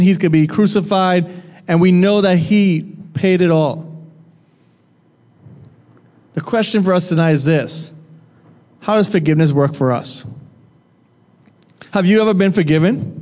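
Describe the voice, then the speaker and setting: A man's voice: high-pitched, darkish tone, big-room sound. A man preaching a sermon in a loose, conversational way, putting questions to his listeners and teasing them. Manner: conversational, asks the audience questions and jokes with them.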